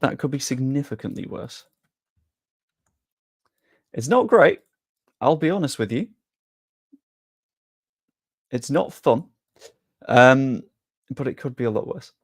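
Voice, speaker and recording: Young male streamer, casual and self-mocking, mid-pitched, dry close mic. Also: animated, slow, long pauses, dry recording. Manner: chatty, jokey, self-deprecating. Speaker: streamer hosting a sweepstake draw. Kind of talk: casual live-stream chat.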